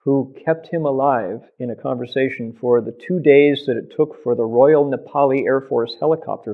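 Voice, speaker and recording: A man telling a story with lively sound effects and acted quotes, recorded in an oral history interview. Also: medium pitch, moderate pace, few pauses. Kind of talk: animated storytelling. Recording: tinny phone-like sound.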